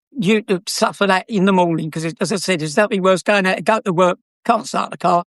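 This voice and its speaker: With no echo and a clean studio sound, an older South London man tells anecdotes from his days as a car dealer. His high-pitched voice is a bit bright, and his chatty, cheeky delivery is peppered with laughs.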